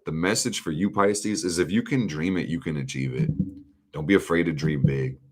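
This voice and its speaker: A man's voice: sits low, normal speed. A man giving a casual, hyped live-stream tarot reading, swearing freely and talking straight to his viewers in slang. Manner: hyped, profane, talks straight to chat with slang. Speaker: astrology and tarot reader.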